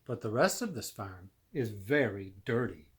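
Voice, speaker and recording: A man's voice: on the low side, sing-song, normal speed, a bit bright. A man playing a fussy, house-proud farm wife.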